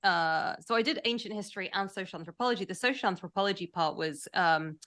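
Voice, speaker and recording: A woman from the UK, a branding expert guest on an interview podcast, who talks with enthusiasm and explains ideas in a thoughtful, measured way. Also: medium pitch, fairly bright tone. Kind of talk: casual interview chat.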